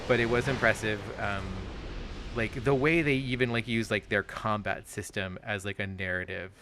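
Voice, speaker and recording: A man's voice: on the low side, normal speed, noisy background. A man chatting casually while playing a game, rambling with many fillers and restarts and swearing freely.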